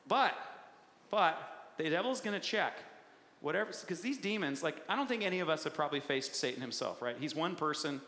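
A man preaching a sermon with a playful, animated, punchy delivery. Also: a little high, a little fast. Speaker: pastor. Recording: echoey hall with long reverb.

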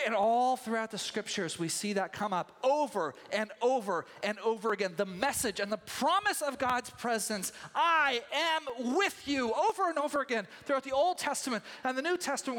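High-voiced male pastor in a reverberant hall. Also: normal speed, few pauses. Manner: animated storytelling, acting out voices. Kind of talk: sermon.

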